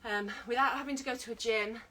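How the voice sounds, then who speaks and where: British woman fitness instructor, high voice, breathless, coaching live; mic set back, faint hiss. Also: steady tone, fast, sharp tone, recorded from a distance, poor audio. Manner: encouraging, counting down and coaching while exercising. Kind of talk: online exercise class.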